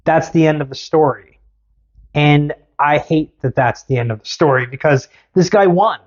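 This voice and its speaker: A podcast host telling a story in casual chat, animated and sarcastic. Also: mid-range voice, moderate pace, highs cut off.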